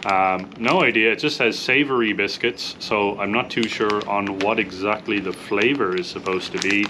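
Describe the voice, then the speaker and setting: A man's voice: lowish voice, normal speed, noisy background. A young Irish man hosting a casual vlog, upbeat as he tries snacks and rates them out of ten. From Ireland. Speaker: vlog host.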